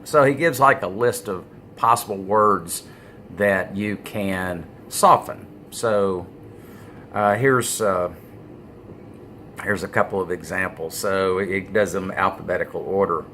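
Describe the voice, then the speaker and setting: A man giving a casual vlog monologue about business, halting with many fillers and leaning hard on key words. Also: deep voice, sharp tone, a little hiss or hum. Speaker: business vlogger. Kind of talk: casual talking-head monologue.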